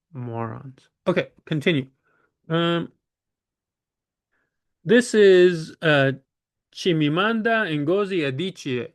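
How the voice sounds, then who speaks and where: A man's voice: on the high side, a bit bright. A man talking through his reading list in a casual on-camera monologue, rambling, blunt and opinionated, often restarting his sentences. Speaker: book vlogger.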